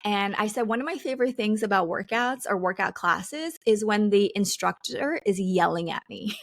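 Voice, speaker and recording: A woman's voice: medium pitch, animated, normal speed, no echo. Chatty woman on a dry close mic. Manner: chatty, laughs often, lots of "like" fillers. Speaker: podcast co-host. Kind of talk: casual chat.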